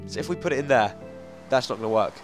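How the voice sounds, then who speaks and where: A man's voice: medium pitch, fast, over music. Chatty stuffy-nosed young man. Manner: chatty, rambling, excitable. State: blocked nose. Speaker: gaming video host. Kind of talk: let's play commentary.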